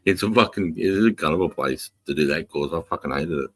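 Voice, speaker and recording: A man's voice: extremely low pitch, fast talker, breathy edge, dry recording. A middle-aged Australian man and former army instructor, telling stories in casual chat, swearing often and laughing. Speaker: podcast co-host, ex-army instructor.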